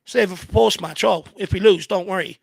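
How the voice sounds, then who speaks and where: A man's voice: high voice, brisk, creaky, breathy edge, no room sound. A man co-hosting a football fan watchalong, ranting in exasperation and swearing heavily as he reacts live. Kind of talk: heated live match reaction.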